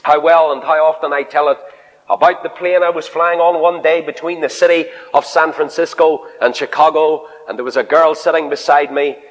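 A man preaching an evangelistic sermon full of personal anecdotes, swinging between loud, high exclamations and low, quiet asides. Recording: long hall reverb.

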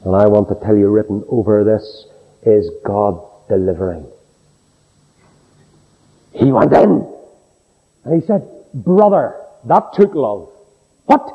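A man's voice: mid-range voice, expressive, a little slow. A man preaching a sermon in a dramatic, emphatic way, acting out the people he quotes. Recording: dull recording with long hall reverb.

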